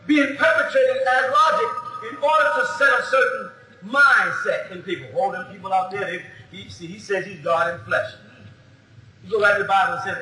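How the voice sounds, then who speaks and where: Male lecturer, animated and argumentative, laughs often, recorded in a very echoey hall with faint background noise. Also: high-pitched. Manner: argumentative, heavy on rhetorical questions, laughs often. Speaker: lecturer answering audience questions. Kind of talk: animated public lecture to a live audience.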